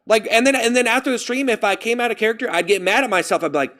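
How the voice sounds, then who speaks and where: A man chatting on his live stream, rambling and animated, breaking off to thank viewers for donations. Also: sits high, racing, few pauses. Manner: rambling, animated, jumps to loud self-scolding; reads out and thanks chat donations. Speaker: livestreamer. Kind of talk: casual stream chat.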